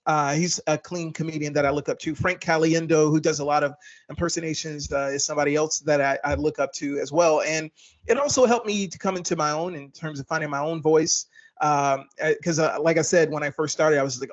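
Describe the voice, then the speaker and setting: Brief: high-pitched male comic, chatty and hesitant, muffled sound. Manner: hesitant, many "uh" fillers. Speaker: comedian guest. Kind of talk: casual interview chat.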